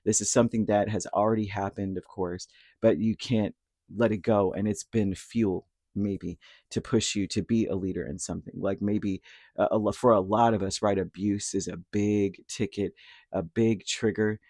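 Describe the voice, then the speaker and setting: A man's voice: lowish voice, fairly even intonation, moderate pace, darkish tone, no room sound, clean studio sound. A man giving a casual, rambling tarot reading, talking conversationally with lots of fillers and asides. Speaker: tarot reader.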